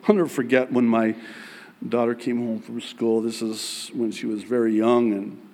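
A pastor in his forties preaching a sermon in a church, emphatic and joking, with big swings in pitch. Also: little pitch movement, moderate pace, mellow, slight background noise.

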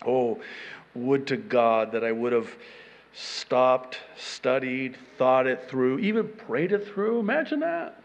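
A man preaching a sermon on proverbs, animated and self-deprecating, often restarting his sentences. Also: mid-range voice, slow, long reverb tail, highs cut off. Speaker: pastor.

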